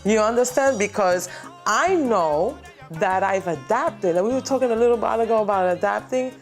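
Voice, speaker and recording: Lively lady singer chatting, medium pitch, soft music behind. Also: normal speed. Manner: animated, sings lyric snippets while explaining. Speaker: singer, daughter of a singer. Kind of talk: documentary interview.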